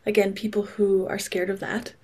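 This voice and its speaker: A woman's voice: medium pitch, flat delivery, moderate pace, darkish tone, slightly rough. Woman host asking questions. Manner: reacts with interest, asks follow-ups. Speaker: interview host. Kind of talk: casual interview chat.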